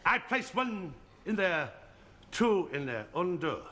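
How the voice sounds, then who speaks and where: A man's voice: sits high, very animated, takes it slowly. A man telling bumbling jokes as a comedy host, chuckling at his own lines. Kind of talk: stand-up patter with studio audience. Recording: noisy 1970 TV studio broadcast with loud audience laughter.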